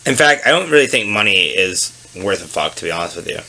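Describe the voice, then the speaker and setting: Bright-voiced man telling a rowdy story. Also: low-pitched, fast, vocal fry. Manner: storytelling, swearing, loud animated impressions. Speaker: podcast host. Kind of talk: casual chat. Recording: faint background noise.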